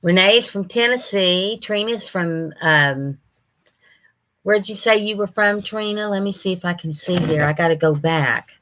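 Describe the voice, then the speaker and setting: A woman's voice: lowish voice, measured pace, a bit bright, low-quality recording. A woman, hosting a livestream and chatting folksily with viewers by name. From Ohio, USA. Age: 60s. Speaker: livestream host. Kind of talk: casual chat reading viewer comments.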